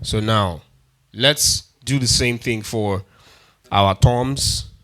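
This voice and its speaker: A man's voice: on the low side, extremely slow, over loud music. A man hosting a keyboard tutorial, counting beats aloud and repeating his steps patiently. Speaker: music tutorial host. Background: keyboard instrument sounds.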